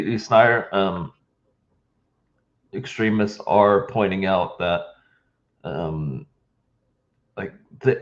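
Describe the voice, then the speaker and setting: A man's voice: on the low side, dull audio. A man hosting a reaction video, talking casually and hesitantly with frequent ums and restarts. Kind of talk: casual commentary.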